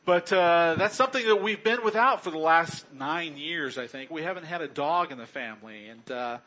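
A man's voice: on the high side, moderate pace, pushed and bright, lo-fi sound. A middle-aged man preaching a sermon in a chatty, joking way, often chuckling. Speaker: pastor.

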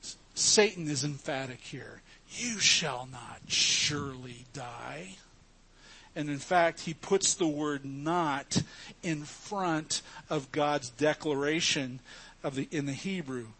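A man's voice: on the high side, takes it slowly, fairly bright tone. A man preaching a sermon to his congregation, emphatic and earnest as he teaches from scripture. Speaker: pastor.

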